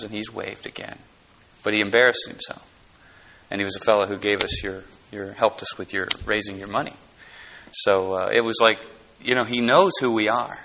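A middle-aged male pastor delivers a sermon with a bright, forward tone. He keeps it conversational and folksy, throwing questions to the room and breaking into easy laughs. His pitch sits right in the middle for a man. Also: vocal fry.

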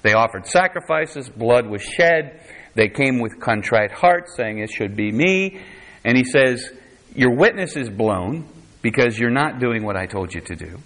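A man's voice: medium pitch, animated, unhurried, fairly bright tone. A man preaching a conversational sermon, quoting scripture in a dramatic voice. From United States.

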